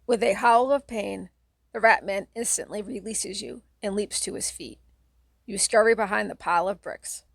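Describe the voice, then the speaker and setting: A woman's voice: medium pitch, moderate pace, creaky, no echo. A woman reading a children's horror audiobook aloud, telling a second-person story in a dramatic way. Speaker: audiobook reader.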